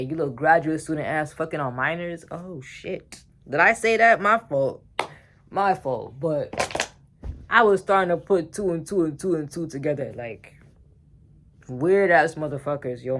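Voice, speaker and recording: A man's voice: a little high, fairly quick. A man telling a personal story in a casual vlog, heated and profane, talking straight to the viewers.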